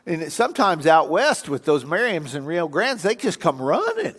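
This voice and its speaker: A man's voice: fairly high pitch, moderate pace, husky. An older man, a guest speaker telling folksy, humorous stories and breaking into animal calls. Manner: lively, imitates animal calls. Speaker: guest speaker at a church event. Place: church sanctuary. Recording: long reverb of a church hall.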